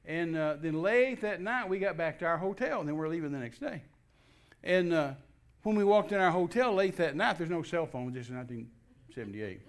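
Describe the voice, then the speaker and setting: A slightly quick, somewhat high male voice belongs to an older guest minister from Texas. He relates his personal testimony folksily, with repeated restarts and spirited impressions of the dialogue.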